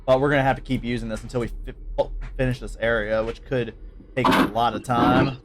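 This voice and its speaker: A man's voice: medium pitch, fairly even intonation, brisk, heavy background noise. Laughing, swearing male game master. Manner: laughs often, swears freely. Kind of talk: narrating a tabletop game.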